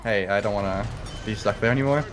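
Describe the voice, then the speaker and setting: A young man streamer telling a funny personal story in casual, animated, profane talk, often breaking into laughter. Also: on the low side, fast talker.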